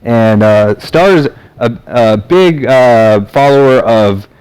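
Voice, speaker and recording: A man's voice: mid-range voice, slow pace, a little mellow, smooth, rough recording. A man from the American South talking to camera in a rambling, casual monologue full of fillers and restarts. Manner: meandering, many fillers and restarts. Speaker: vlogger.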